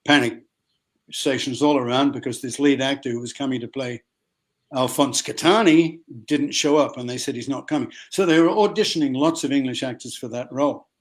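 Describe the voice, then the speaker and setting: An older man with an Australian accent, a guest actor telling lively anecdotes in an interview and acting out other people's voices. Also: medium pitch, a little fast.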